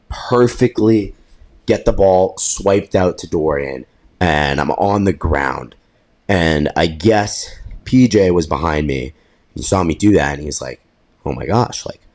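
This is a young man with a low voice, co-hosting a casual podcast. He tells a story with lively energy, acts out what everyone said, and swears freely. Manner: animated, profane, laughs at himself. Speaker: podcast co-host.

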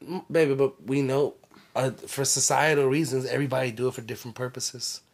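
A man co-hosting a casual reaction chat, talking in a loud, slangy and profane way. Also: mid-range voice, little pitch movement, a little fast. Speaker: co-host.

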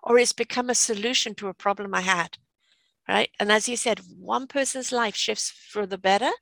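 A woman's voice: mid-range voice, moderate pace, creaky, a bit bright, no room sound. A woman hosting an interview, chatting casually and encouraging her guest. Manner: encouraging, frequent affirmations. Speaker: interview host.

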